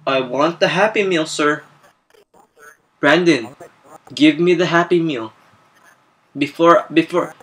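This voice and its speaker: A man's voice: fairly high pitch, takes it slowly, pauses often, fairly bright tone, poor audio. A man voicing a hot-tempered, whiny police officer in a game video, stammering, making demands and panicking easily. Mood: demanding. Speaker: machinima voice actor. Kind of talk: improvised game machinima.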